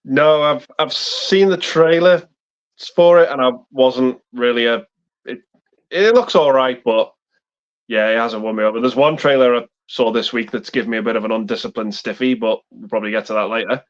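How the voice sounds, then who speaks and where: A man chatting on a movie livestream, hesitant and given to crude jokes. His voice sits at a middling pitch. The sound is muffled, lo-fi stream audio. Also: moderate pace. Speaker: regular panelist on a movie livestream. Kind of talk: casual chat on a live stream.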